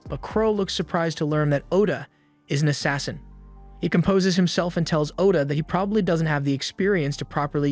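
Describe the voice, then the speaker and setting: A man reading scripted recap narration of an anime story in an even, brisk storytelling manner. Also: a little high.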